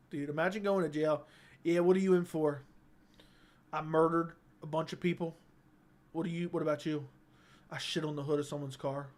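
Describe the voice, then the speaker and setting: A man's voice: fairly high pitch, fairly bright tone. A young man hosting a casual livestream on a studio mic, reading chat comments aloud and joking in a laid-back way. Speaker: livestream host. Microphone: studio dynamic mic.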